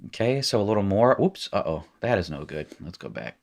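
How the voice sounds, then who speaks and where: A deep-voiced man talks through exercises at a desk mic. His teaching rambles: he restarts sentences, backtracks, and drops dry, self-mocking asides along the way. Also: very animated, a little fast, gravelly. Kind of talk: recorded language lesson.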